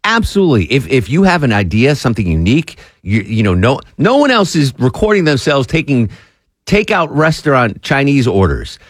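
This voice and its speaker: A man co-hosting a podcast, telling stories in a casual chat and jumping high in pitch when amused. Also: big pitch swings, a little fast, dry recording, studio quality. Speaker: podcast co-host.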